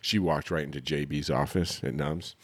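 A man hosting a podcast, chatting casually and telling an animated story with lots of swearing and acted-out quotes. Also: extremely low pitch, moderate pace, slightly rough, dry recording. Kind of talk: casual chat.

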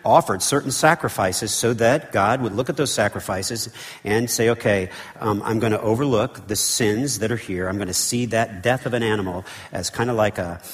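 A man preaching from the pulpit in a low voice, pressing his points with repetition and breaking into casual asides. His voice carries a long reverb from the church hall. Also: normal speed. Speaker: pastor. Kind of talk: sermon. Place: church sanctuary.

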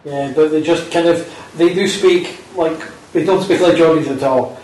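A man's voice: fairly high pitch, fairly even intonation, normal speed, a little mellow. A man from Britain co-hosting a casual chat, dry and rambling, often restarting sentences. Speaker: podcast co-host. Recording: echoey room, mic far off.

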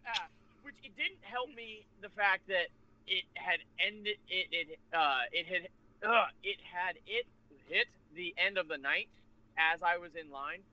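Man, fairly high bright voice, rambling animated storyteller, muffled lo-fi sound. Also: measured pace. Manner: rambling, animated, with laughs and restarts. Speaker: podcast guest telling a convention story. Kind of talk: casual storytelling chat. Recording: lo-fi muffled recording.

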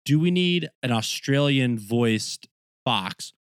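A man with a mid-range voice co-hosts a casual podcast. He introduces the segments and shares opinions at an even pace. The recording is dry and close. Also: medium pitch, takes it slowly, no echo. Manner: steady, leads segments, opinionated. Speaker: podcast co-host. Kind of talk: casual chat.

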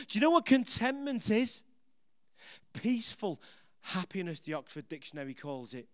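High-voiced emphatic male preacher. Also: very animated, moderate pace, no room sound, studio quality. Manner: emphatic, repeats phrases, questions the audience. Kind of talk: sermon.

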